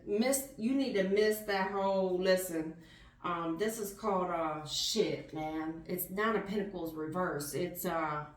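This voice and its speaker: A woman giving a blunt, slang-filled tarot reading straight to the viewer, casual and animated. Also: mid-range voice, roomy sound, far from the mic. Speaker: tarot reader.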